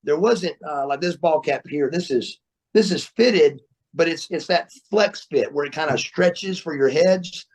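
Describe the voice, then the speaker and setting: A man with a slightly high voice tells stories from his career as a podcast guest. He talks in an animated, repetitive way, restarting phrases and laughing along. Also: a little slow. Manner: animated storyteller, repeats words, laughs often. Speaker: guest, former wrestler. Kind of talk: storytelling interview. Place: remote interview, podcast.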